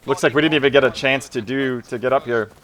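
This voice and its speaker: A man's voice: mid-range voice, steady tone, fast talker, crowd noise. A man live-streaming a game, chatting with viewers and calling orders to teammates. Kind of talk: casual live gameplay commentary.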